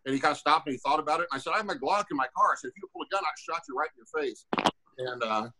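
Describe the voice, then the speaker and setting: A man's voice: fairly high pitch, rapid-fire, background noise. A man in his forties, a former fighter, telling a rambling, profane story on a podcast and acting out the voices of the people in it. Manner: animated, acts out quoted dialogue.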